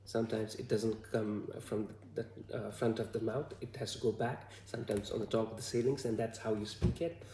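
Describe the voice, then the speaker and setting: Man, Bhutanese accent, halting vlog talk, gravelly voice, echoey room. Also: lowish voice, steady tone, noisy background. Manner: hesitant, halting, with many fillers. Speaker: vlogger. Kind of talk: casual talk to camera.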